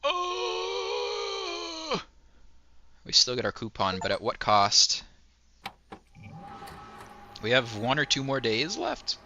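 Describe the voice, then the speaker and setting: A man's voice: mid-range voice, lively intonation, measured pace, pauses often, bright, forceful tone, slight background noise. A man streaming a game, reading on-screen text aloud in a casual way and breaking off for wry asides and chuckles. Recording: muffled, with music behind.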